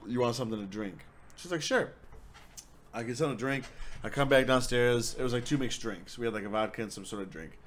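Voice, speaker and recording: Young guy telling a messy story, swears constantly, gets loud and excited. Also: medium pitch, fast, slight background noise. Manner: rambling, swears a lot, animated. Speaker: storyteller guest. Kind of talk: casual profane storytelling.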